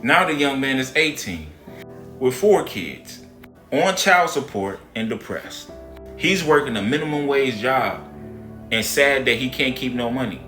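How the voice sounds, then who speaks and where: Casual guy storytelling, bright voice, echoey room, quiet guitar. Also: medium pitch, expressive, a little slow. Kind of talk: moral storytelling narration.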